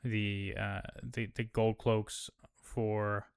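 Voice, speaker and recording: A man's voice: lowish voice, little pitch movement, very slow, vocal fry, smooth. A man giving a casual TV episode recap, rambling and swearing with plenty of fillers. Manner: rambling, profane, many fillers. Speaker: recap host.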